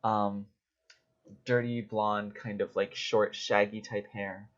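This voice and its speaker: A man with a fairly low voice narrates a tabletop game as game master, hesitating often and filling gaps with "like" and "um". The recording is dull and lo-fi. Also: little pitch movement, takes it slowly. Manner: hesitant, full of fillers.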